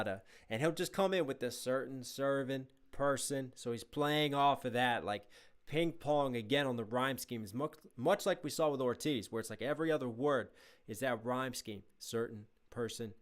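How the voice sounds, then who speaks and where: A man talks through a rap track as a reaction host, eager and analytical. His voice sits at a middle pitch for a man, and he breaks into scat syllables to show a flow. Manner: enthusiastic, analytical, imitates flows with scat syllables. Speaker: reaction video host, rapper. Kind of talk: casual music breakdown commentary.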